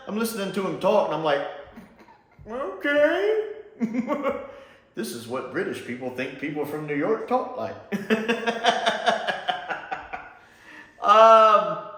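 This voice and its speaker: A man from Mississippi chatting casually as he reviews a show, lively and laughing often. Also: on the high side. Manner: animated and chatty, laughs often, does mocking voices. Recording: echoey room.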